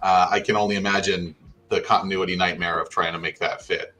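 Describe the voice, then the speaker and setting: Low-voiced man, easygoing. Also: little pitch movement, brisk, pushed and bright, a little hiss or hum. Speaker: guest co-host. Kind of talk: casual fan discussion.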